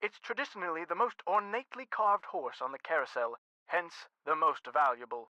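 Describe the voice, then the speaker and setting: A man's voice: a little high, very animated, a little fast, sharp tone, no room sound, muffled recording, exaggerated voice. An actor playing a refined, faintly pompous male carousel art expert who talks on the phone in a video game. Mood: genteel. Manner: precise, theatrical, faintly pompous.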